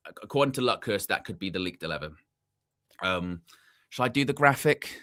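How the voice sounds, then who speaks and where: A man's voice: medium pitch, bright, forceful tone, dry recording, clean studio sound. A young man hosting a football channel's live stream, chatting casually, wandering off on tangents and repeating himself as he talks to the chat. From England.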